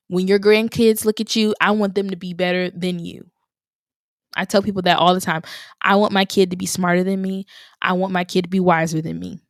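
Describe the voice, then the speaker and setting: A woman's voice: mid-range voice, steady tone, fairly quick, no room sound, studio quality. A young woman hosting a podcast on her own, talking in an encouraging way and repeating phrases for emphasis. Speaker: podcast host. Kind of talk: motivational solo podcast talk.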